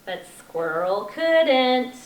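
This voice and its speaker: A woman's voice: sits high, sing-song, very slow. A woman at a children's library story time, reading a picture book aloud in a sing-song voice and asking the children questions. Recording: echoey library room.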